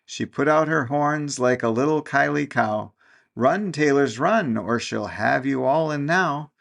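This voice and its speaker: A man voicing a merry chorus of little tailor mice in a chirpy, sing-song manner, pitched above his own voice. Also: a little slow, creaky, a bit bright.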